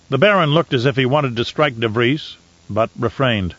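Brief: male audiobook narrator, steady mid voice, dry close read, slightly muffled. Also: mid-range voice, normal speed, no echo. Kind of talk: scripted narration.

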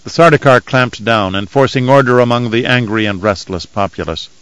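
A man reading an audiobook in measured, even scripted narration. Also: medium pitch, smooth, dry recording, low-quality recording.

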